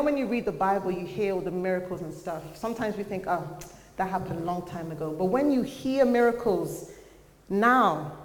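A young adult woman preaching a sermon in earnest, conversational tones, sometimes pausing on fillers. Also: mid-range voice, darkish tone. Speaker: church speaker. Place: church hall. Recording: echoey church hall.

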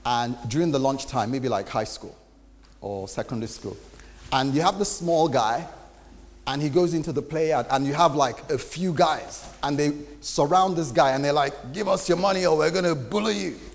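A man's voice: medium pitch, moderate pace. A man, a pastor, preaching a sermon in a conversational way and acting out quotes. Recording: reverberant hall with faint noise.

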